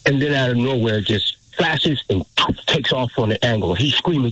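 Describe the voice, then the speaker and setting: A man's voice: medium pitch, normal speed, a bit bright, slightly rough, no room sound. A man in his fifties calling in to a radio show, telling an earnest, emotional story. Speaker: caller. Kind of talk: call-in story. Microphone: phone line. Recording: muffled phone-in line.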